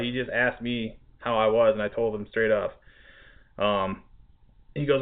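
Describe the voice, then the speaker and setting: A man's voice: medium pitch, fairly even intonation, slow pace, long pauses. Male podcast host, laughing, exasperated storyteller; narrow lo-fi sound. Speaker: restaurant cook. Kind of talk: casual storytelling chat. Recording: tinny phone-like audio.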